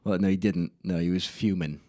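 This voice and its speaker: A young man talks alone into a camera for his podcast, rambling through embarrassing stories about himself. His voice sits very low, and the room sounds dry and close. He swears casually and makes fun of himself as he goes. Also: fairly even intonation, fairly quick, mellow, dry recording. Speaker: podcast host. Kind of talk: solo podcast storytelling. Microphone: camera mic in a room.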